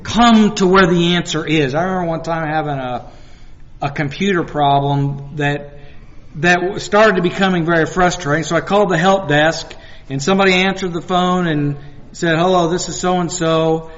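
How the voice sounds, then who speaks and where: A man preaching a sermon in a chatty, storytelling way, often restarting his sentences and acting out short conversations. His voice sits a bit high. It echoes through a large hall and comes across slightly muffled. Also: normal speed, fairly bright tone. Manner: conversational, with repeated restarts and acted-out dialogue. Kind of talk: sermon with personal stories.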